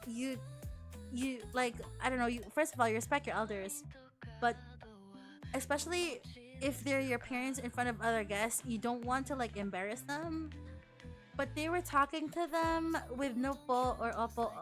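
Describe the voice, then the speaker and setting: Young woman, casual stream chat, high pitch, bright tone, faint music behind. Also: normal speed. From Philippines. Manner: chatty, swears a lot, restarts and acts out quotes.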